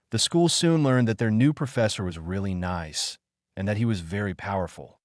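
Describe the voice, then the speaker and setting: A man narrating a fan-fiction story in a lively storytelling manner. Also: lowish voice, no echo, studio quality.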